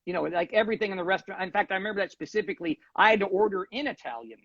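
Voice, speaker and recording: A man casually telling animated anecdotes as a guest, with a husky voice. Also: sits high, rapid-fire, no room sound, muffled recording. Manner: animated anecdotes with acted quotes. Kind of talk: casual storytelling.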